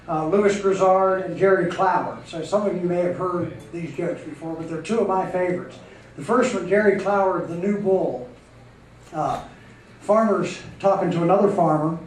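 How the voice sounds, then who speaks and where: A man's voice: high-pitched, darkish tone. A man tells jokes in a folksy way as comedian and emcee at a live club show. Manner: folksy storytelling with acted voices. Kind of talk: live stand-up joke telling. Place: live music club stage. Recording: echoey room, distant mic, faint noise.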